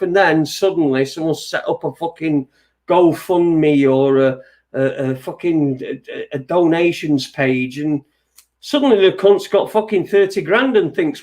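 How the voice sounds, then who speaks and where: A man's voice: on the high side, measured pace, darkish tone. A man hosting an internet radio show, ranting in a sweary, agitated, rambling way with many restarts. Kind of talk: ranting monologue.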